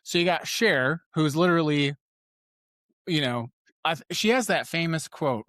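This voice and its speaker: On his live news commentary show, this host rambles through political commentary, riffing sarcastically and interrupting himself. His voice sits on the high side, expressive and fairly bright, at normal speed, in a dry recording.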